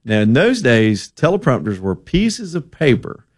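A middle-aged man, hosting a talk radio show and telling stories in a casual, animated way. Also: medium pitch, unhurried. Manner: animated storyteller, acts out quotes. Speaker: radio host.

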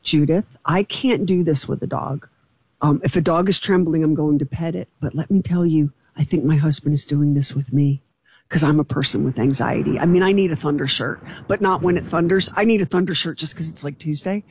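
A woman co-hosting a podcast in casual chat, animated and rambling, joking at her own expense. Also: low-pitched, a little fast, husky, dry recording. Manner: animated, rambling, self-deprecating. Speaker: podcast co-host.

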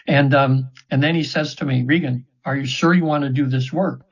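A man's voice: medium pitch, fairly even intonation, brisk, hardly any pauses, breathy edge. A man in his seventies, a guest in an interview, telling stories earnestly and ramblingly with many restarts. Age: 70s. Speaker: interview guest, trance session practitioner. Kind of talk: casual storytelling in an interview. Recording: dull, slightly lo-fi audio.

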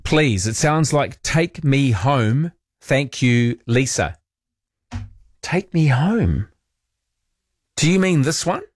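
A man with a medium-pitched, expressive voice hosts overnight talk radio from a studio, speaking slowly with long pauses. He's chatty and rambling as he reads listener messages in a casual late-night style. The studio microphone gives a clean sound with no echo.

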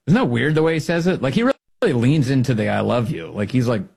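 A man's voice: medium pitch, big pitch swings, gravelly, darkish tone, breathy edge. A man hosting a political podcast, talking casually and mockingly with frequent laughs. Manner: mocking, laughs often, quick asides.

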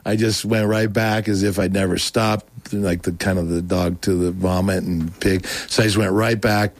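Man, low voice, dry close sound, lively storytelling, raised voice for quotes. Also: normal speed, dry recording. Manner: animated, acts out quotes in a raised voice. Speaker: guest telling his testimony. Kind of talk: casual storytelling.

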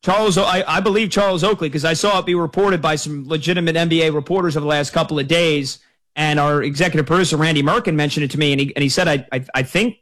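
Male sports radio host, slightly higher voice, relaxed conversational delivery. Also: fast talker. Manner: conversational, chatty. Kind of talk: sports radio call-in talk.

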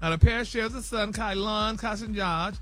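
A man reading celebrity news on a radio morning show, animated and gossipy, sprinkling in "y'all" and "honey". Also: sits high, moderate pace, faint music behind.

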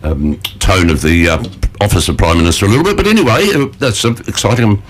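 A rambling male radio presenter chatting in a studio. His voice sits low but moves up and down a lot, and he laughs often as he talks. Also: animated, fast talker, a little hiss or hum. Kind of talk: casual morning radio chat.

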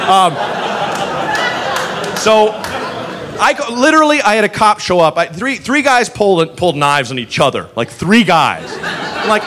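A man doing stand-up, telling a long story in a profane, animated way and acting out the people in it. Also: high voice, moderate pace. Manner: animated, profane, acts out characters. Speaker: stand-up comedian. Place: comedy club stage. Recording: live stage recording with crowd and noise.

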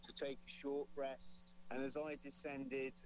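A man's voice: medium pitch, little pitch movement, a little slow, a little hiss or hum, rough recording. A man, a climber, recounting a mountain descent in a recorded interview. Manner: emphatic, enthusiastic.

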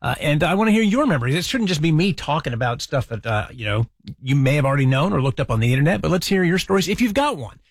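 A man hosting an afternoon radio show, chatting casually and fast with callers and listeners into a studio microphone. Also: fairly high pitch, sing-song, slightly rough, no room sound. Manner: chatty, warm, fast-talking. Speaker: radio host.

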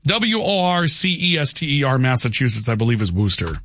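A man's voice: medium pitch, very animated, brisk, fairly bright tone, slight background noise. A man hosting a radio talk show, teasing callers with emphatic, repeated points. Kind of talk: casual on-air banter.

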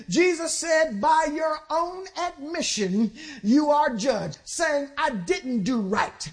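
High-voiced woman preaching a fiery sermon. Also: expressive. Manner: exhorting, call-and-response with the congregation; swings between slow stressed phrases and quick bursts.

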